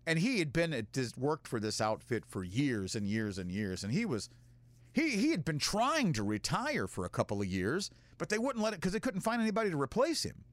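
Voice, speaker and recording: A radio host telling a profane, self-mocking comic story in a casual way. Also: male voice, fairly high pitch, wildly swooping pitch, brisk, no room sound.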